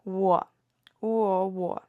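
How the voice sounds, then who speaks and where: A woman teaching a beginner language lesson in a slow, patient way, muttering and correcting herself as she writes. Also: medium pitch, steady tone, narrow, tinny audio. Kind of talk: casual beginner lesson, writing on board.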